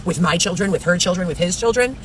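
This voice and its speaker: A woman's voice: fairly low pitch, lively intonation, fast, a little hiss or hum. A woman vlogging in a rambling monologue, blunt and profane, piling up complaints.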